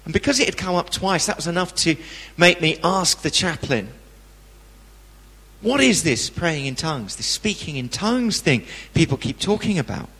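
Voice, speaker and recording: A man giving a testimony sermon, telling a personal story with lively delivery and acting out the people he quotes. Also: fairly high pitch, normal speed, breathy edge, long reverb tail.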